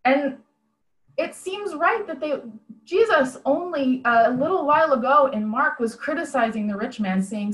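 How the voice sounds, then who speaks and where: A woman's voice: high-pitched, expressive, a little slow, fairly bright tone, echoey room, low-quality recording. A woman preaching a conversational sermon over a video call, retelling a story in a plain-spoken, reflective way.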